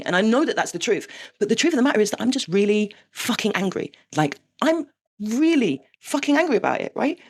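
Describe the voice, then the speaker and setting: Brief: woman, vlog confessional, rapid and blunt, curses freely. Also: a little high, sing-song, breathy edge. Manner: frank and swearing, with rueful laughs. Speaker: vlogger. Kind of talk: candid confessional monologue.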